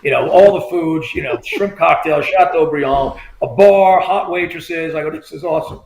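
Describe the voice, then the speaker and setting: A middle-aged man with a fairly high voice spins a rambling story as a podcast guest. He leans on "you know" and "I mean" and acts out the voices he quotes. His voice bounces around an echoey room. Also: normal speed, gravelly, darkish tone. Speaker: podcast guest, former state trooper. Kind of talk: casual storytelling.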